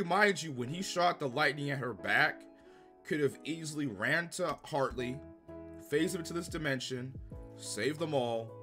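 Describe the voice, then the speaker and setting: Bright-voiced man ranting sarcastically. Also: mid-range voice. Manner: profane, sarcastic, exasperated; bursts into loud laughter. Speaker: TV episode reviewer. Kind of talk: casual ranting review commentary.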